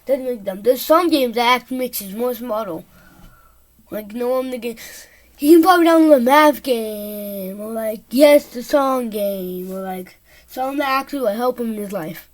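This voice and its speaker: A woman reacting to a video in casual commentary, rambling and excitable with loud outbursts. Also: fairly high pitch, moderate pace.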